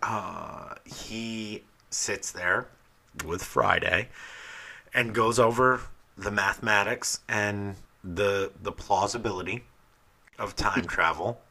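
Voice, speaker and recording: A young adult man co-hosting a casual podcast, talking in an animated way and swearing freely. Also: on the low side, slow pace, gravelly. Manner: animated, swears freely, loud bursts when quoting scenes. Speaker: podcast co-host.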